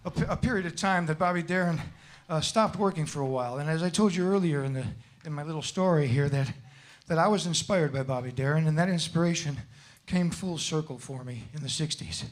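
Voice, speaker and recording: Older male singer with halting stage banter. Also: a little high. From Chicago area. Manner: halting, rambling, many fillers and restarts. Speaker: singer talking to a concert audience. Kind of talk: live stage banter between songs. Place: concert venue with a live audience. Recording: live concert with crowd noise.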